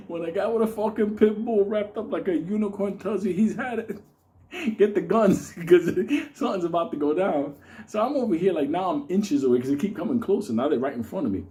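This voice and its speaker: A man spinning a profane story, laughing as he goes. His voice leaps up and down with lots of life. The tone is dark and mellow, though it sits a bit high. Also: a little fast. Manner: animated, profane, laughing often. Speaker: host. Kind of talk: casual storytelling.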